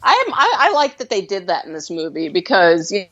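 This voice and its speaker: A woman's voice: medium pitch, brisk, highs cut off. A woman co-hosting a movie podcast, chatting casually and acting out quoted lines. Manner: animated, acts out quoted lines. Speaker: podcast co-host. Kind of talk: casual movie review chat.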